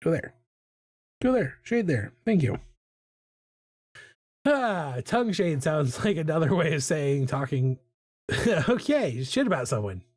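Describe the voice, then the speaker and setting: A talkative streamer in their thirties rambles through a drawing session, trips over repeated words and leans on "like" between thoughts. The voice sits at a middle pitch and is recorded close and dry, with almost no room sound. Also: big pitch swings, unhurried, pauses often, darkish tone, dry recording. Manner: chatty and self-deprecating, many fillers and repeated words, hums and laughs. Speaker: live-streaming artist. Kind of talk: rambling casual chat while drawing.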